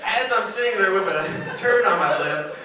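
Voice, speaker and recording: A man tells animated stand-up stories at a work dinner, acting out his own exasperated reactions. His voice sits high. It comes from far off in a very echoey hall with clear background noise. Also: normal speed. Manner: animated, acts out exasperated shouted quotes. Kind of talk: stand-up storytelling.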